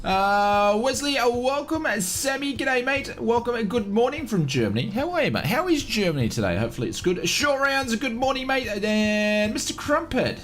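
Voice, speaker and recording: A man's voice: very high-pitched, very animated, normal speed, few pauses, a bit bright. An Australian man streaming a flight simulator live, chatting casually and greeting viewers by name one after another.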